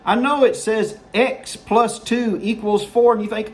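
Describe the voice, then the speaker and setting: A man's voice: very high voice, very animated, moderate pace. A man hosting a political commentary show, sarcastic and mocking as he reacts to news. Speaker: host.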